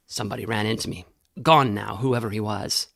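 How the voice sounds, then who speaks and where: A woman voicing a heavy, gruff grave-robbing man who growls his lines, in a dry-sounding reading. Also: very deep voice, fairly even intonation, brisk, no room sound, voice pushed down, heavily acted. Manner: growling, rough-spoken.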